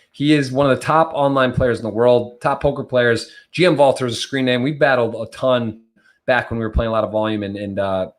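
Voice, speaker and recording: A man hosting a live-streamed poker podcast, chatty and upbeat, often restarting his sentences. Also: medium pitch. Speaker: podcast host.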